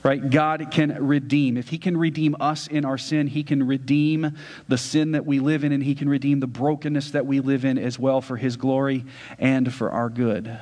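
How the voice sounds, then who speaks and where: A man's voice: medium pitch, level tone, normal speed, a little mellow. A man preaching a sermon as a pastor, conversational, often checking in with his listeners. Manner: conversational preaching with frequent "right?" asides. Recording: church hall reverb.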